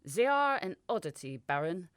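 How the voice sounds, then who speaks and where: A brusque middle-aged professor, voiced by a woman reading an audiobook speaks in short, dismissive lines. The voice sits low and sounds dry and close. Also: very animated, moderate pace, fairly bright tone, smooth, no echo. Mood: curt. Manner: curt and dismissive. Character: gruff, curt bald male professor.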